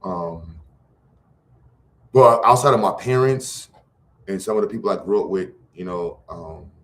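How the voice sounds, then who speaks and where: Speaking unhurriedly in a low-pitched voice, a middle-aged Brooklyn man appears as a livestream guest. He's an educator running a program, and his casual, slangy talk keeps starting over.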